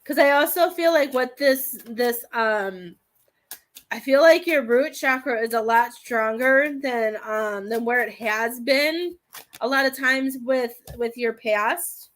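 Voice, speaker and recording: Woman, slightly high voice, live tarot reading, rambling, hesitant, emotional. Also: slow pace, fairly bright tone. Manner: rambling, hesitant, full of "I feel like"; emotional and tearful at times. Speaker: psychic medium giving a tarot reading.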